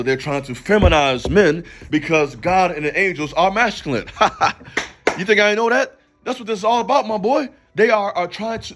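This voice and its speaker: A man's voice: high voice, a bit bright. A man hosting a faith channel, giving a motivational talk in an emphatic, preachy way and calling out to the listener directly. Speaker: channel host.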